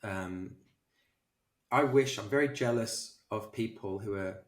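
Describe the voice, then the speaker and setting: A film director, a man, telling anecdotes in an animated, self-deprecating way as an interview guest. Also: lowish voice, measured pace, distant mic. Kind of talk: casual interview storytelling. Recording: roomy echo.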